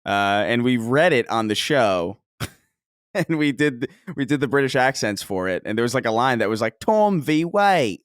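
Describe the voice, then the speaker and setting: A man co-hosts a casual podcast chat, rambling along with plenty of fillers. His voice sits at an average pitch. The recording is dry and close. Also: moderate pace, fairly bright tone, clear, resonant tone, no echo. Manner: chatty, rambling with many fillers. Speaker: podcast co-host.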